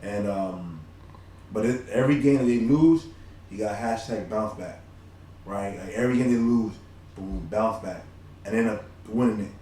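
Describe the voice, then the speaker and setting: A man's voice: fairly low pitch, moderate pace, mellow, a little hiss or hum. Earnest man giving a motivational talk in a roomy space. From Nigeria. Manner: earnest and repetitive, with many restarts. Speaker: podcast co-host. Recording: roomy echo.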